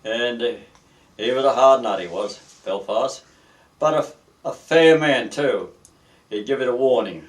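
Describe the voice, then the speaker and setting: An older Australian man, a retired seaman, telling stories in a rambling, halting way with many restarts during an oral history interview. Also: mid-range voice, far from the mic.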